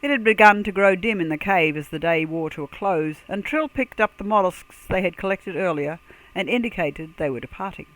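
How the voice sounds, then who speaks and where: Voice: animated, normal speed, fairly bright tone, no echo, rough recording. Give me a careful storybook narrator who sings made-up words in a lilting lift. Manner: sings invented words in a lilting higher pitch. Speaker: audiobook narrator. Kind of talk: scripted fantasy narration.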